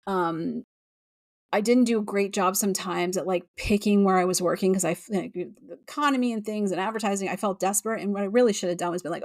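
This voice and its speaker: A woman's voice: mid-range voice, fast, no echo, clean studio sound. A woman in her forties, a podcast host, speaking candidly and frankly in a rambling personal monologue with frequent fillers and restarts, near tears at times and swearing freely.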